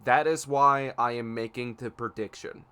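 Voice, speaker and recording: A man's voice: mid-range voice, fairly even intonation, normal speed, pushed and bright, clean tone. A man co-hosting a casual podcast, talking eagerly about upcoming films and theme park events. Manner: enthusiastic, makes predictions, frustrated by tech issues. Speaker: podcast co-host.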